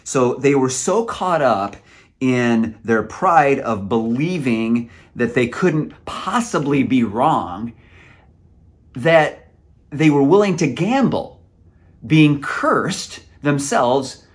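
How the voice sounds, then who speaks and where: A man's voice: medium pitch, lively intonation, takes it slowly. A man preaching a sermon, earnest and emotional, sometimes stumbling over his words.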